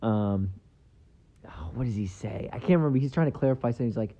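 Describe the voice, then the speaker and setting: On his solo podcast, a young man talks fast in a fairly low, dark-toned voice, drifting casually from topic to topic, swearing without a second thought and dropping ums into every gap. His recording sounds muffled and a bit lo-fi.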